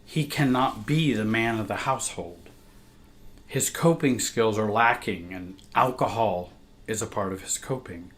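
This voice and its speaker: A man reading a personal account aloud in a measured, emotional way. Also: on the low side. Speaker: therapist and show host.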